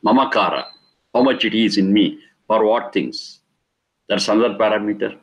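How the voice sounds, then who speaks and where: A man's voice: on the low side, moderate pace, low-quality recording. A middle-aged man giving a spiritual discourse, stressing and repeating key words and explaining Sanskrit terms. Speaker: Vedic teacher.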